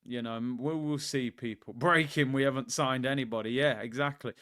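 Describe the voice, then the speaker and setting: A man's voice: medium pitch, fairly even intonation, a little fast, a bit bright. A man hosting a casual livestream, chatting loosely, reading out viewer comments and calling his audience "people". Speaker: football fan channel host.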